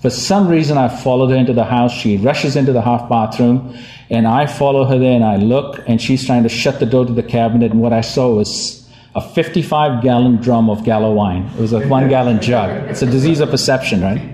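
A man's voice: medium pitch, brisk, warm tone. A man, from India, giving a humorous personal testimony at a podium, wry and self-mocking. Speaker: speaker at a recovery meeting. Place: meeting hall with podium. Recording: echoey hall.

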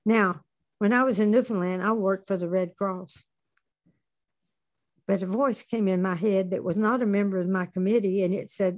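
A woman giving a personal testimony at a recovery meeting, telling her story plainly with dark humor. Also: medium pitch.

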